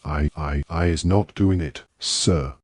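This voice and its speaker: A man's voice: sits low, takes it slowly, dry recording, clean studio sound. A man voicing a frightened female house-elf who stammers and pleads in broken grammar. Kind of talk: audiobook reading.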